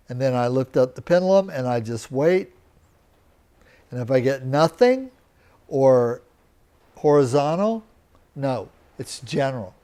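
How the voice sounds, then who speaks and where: Slow, deliberate male lecturer. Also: a little high, darkish tone. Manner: slow, deliberate, checks in with students. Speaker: teacher. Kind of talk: live lecture. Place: teaching center room.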